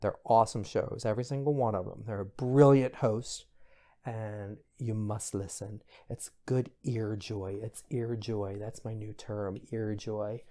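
A middle-aged man hosting a podcast, chatting in a gossipy, expressive way with bursts of high exclamation. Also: unhurried. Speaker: podcast host. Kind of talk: casual pop culture commentary.

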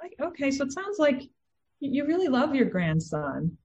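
A woman's voice: high voice, very animated, moderate pace, a little mellow, dull audio, voice pushed up. A woman voicing her young son, eager and earnest, in a raised voice. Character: earnest little boy playing a listening game.

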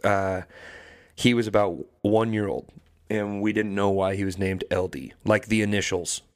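A young adult man with a fairly low voice co-hosts a podcast at a moderate pace. He tells a story casually and with animation, acting out the voices of the people he quotes.

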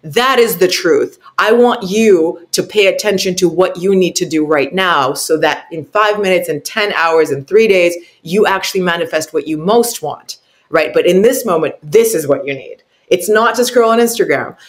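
A woman speaking as an intuitive coach in an interview, earnest and emphatic, often pausing to ask "right?" and repeating words as she searches for them. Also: fairly low pitch. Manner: keeps adding "right?" tag questions.

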